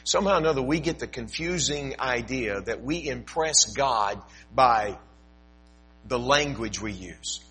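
Male preacher, husky, animated folksy sermon delivery, big dynamic swings. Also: medium pitch, a little slow, faint music behind, poor audio. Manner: animated storytelling, folksy humor, swings loud to soft. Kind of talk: evening sermon.

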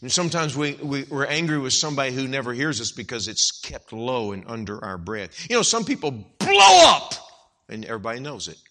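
A man preaching an evangelical sermon, swinging from hushed, slow lines to loud, emphatic outbursts. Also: medium pitch, wildly swooping pitch.

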